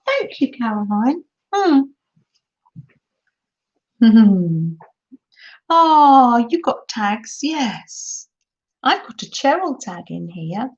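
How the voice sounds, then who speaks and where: Chatty older lady hosting a craft stream, high-ish voice, slow, muffled lo-fi audio. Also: darkish tone. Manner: gushing, chatty, talks to viewers in the chat. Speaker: crafting livestream host. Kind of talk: casual livestream chat. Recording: dull lo-fi sound.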